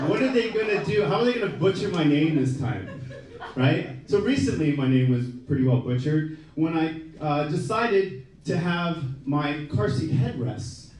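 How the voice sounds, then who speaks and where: A man's voice: fairly high pitch, background noise. A man doing a wry, self-deprecating stand-up routine on a comedy club stage, often tossing in "right?" as the audience laughs. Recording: echoey room, mic from a distance.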